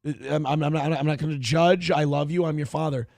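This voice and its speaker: Brash, gravelly male livestream host. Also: fairly high pitch, steady tone, brisk, no echo. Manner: loud, brash and mocking, with sudden yelled outbursts. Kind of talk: crude casual livestream commentary.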